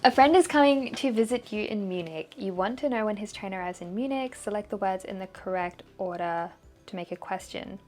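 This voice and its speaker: A young woman vlogging as she takes a language test, thinking aloud and sounding out foreign words slowly. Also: lowish voice. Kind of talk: casual vlog commentary.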